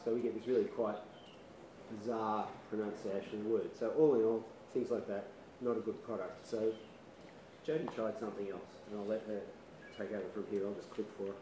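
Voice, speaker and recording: Low-voiced man presenting in an echoey hall. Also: steady tone, noisy background. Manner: measured, dry humour, occasional fillers. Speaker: conference presenter. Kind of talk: academic presentation. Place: lecture hall. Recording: echoey hall, mic at a distance.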